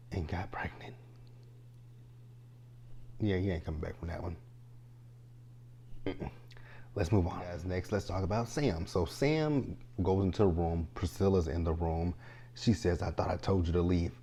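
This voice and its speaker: A young man giving a casual, animated recap of a TV episode, talking straight to the characters in exasperation. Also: low voice, a little hiss or hum. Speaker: TV show reviewer.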